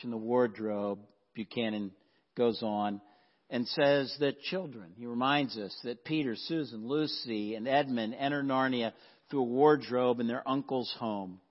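A man preaching a sermon as pastor, earnest and emphatic, often dropping to a hush. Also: mid-range voice. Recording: dull sound with long hall reverb.

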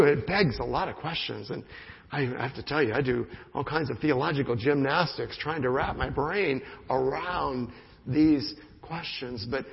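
Gravelly preacher in an echoing hall. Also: male voice, a little high. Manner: animated preaching, repeats "right?" often. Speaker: pastor. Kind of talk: sermon. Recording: muffled sound in a reverberant hall.

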